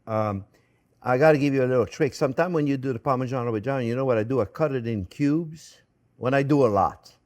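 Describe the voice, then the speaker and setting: A middle-aged chef hosts a cooking demonstration, speaking briskly in a medium-pitched, slightly mellow voice. Talkative and jokey, he addresses his viewers as friends.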